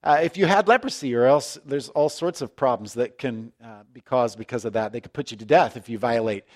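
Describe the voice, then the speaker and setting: A man's voice: mid-range voice, fairly quick. A man preaching a conversational sermon, joking in asides and restarting his sentences as he explains the scripture. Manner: conversational, self-deprecating, frequent restarts and asides. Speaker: pastor.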